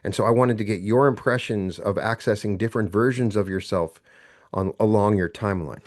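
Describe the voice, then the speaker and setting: A male podcast host asking a long, thoughtful question with small halts and restarts. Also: fairly low pitch. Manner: thoughtful, slightly halting. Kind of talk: interview questions.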